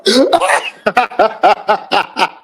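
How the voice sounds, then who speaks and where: Slow, high-voiced man chatting with viewers. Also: sing-song, fairly bright tone, husky. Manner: reads out viewer names and answers chat, laughs often. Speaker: livestream host. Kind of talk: casual live-chat commentary.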